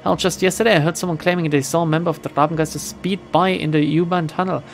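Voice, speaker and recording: A streamer voicing a friendly, nondescript man who deals in rumors, talking in a warm, confiding way. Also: medium pitch, fairly even intonation, fast, soft background music, lightly acted. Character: friendly nondescript middle-aged male information dealer. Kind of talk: reading game dialogue aloud.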